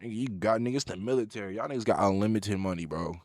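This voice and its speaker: A man's voice: fairly low pitch, quick pace, a little mellow, no echo, clean studio sound. A young man streaming himself as he reacts to a video, talking in loose slang and often laughing. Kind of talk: casual reaction chat.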